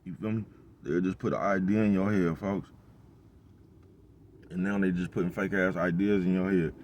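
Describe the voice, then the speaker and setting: A man's voice: low voice, fairly even intonation, normal speed, a little mellow, a little hiss or hum. A man, rambling in a casual monologue full of profane street slang and constant "bruh". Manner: rambling, profane street slang, repeats "bruh" and "you know what I'm talking about". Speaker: vlogger.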